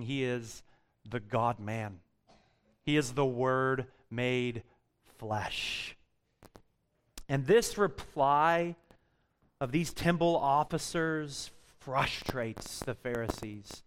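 A young man preaching a sermon, rising to loud emphasis and dropping to quiet, drawn-out words. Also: mid-range voice, clean tone. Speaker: pastor.

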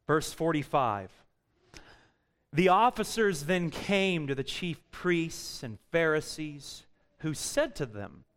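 Male preacher, young, slow deliberate delivery, fairly high voice, dramatic swings between loud and hushed. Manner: expressive preaching, swinging from loud emphasis to quiet, drawn-out words. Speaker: pastor. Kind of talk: sermon.

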